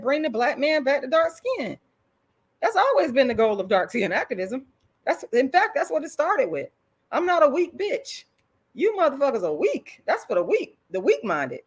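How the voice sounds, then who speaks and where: A woman's voice: high voice, big pitch swings, normal speed, breathy edge. Profane, fired-up woman ranting live. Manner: blunt and profane, heated; repeats herself when agitated. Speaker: online commentator. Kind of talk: livestream rant.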